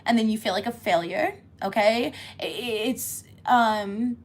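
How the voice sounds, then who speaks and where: A woman's voice: on the high side, unhurried, a little hiss or hum. Chatty swearing woman reading tarot. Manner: chatty, swears freely, laughs often. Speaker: tarot reader. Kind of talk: casual tarot reading monologue.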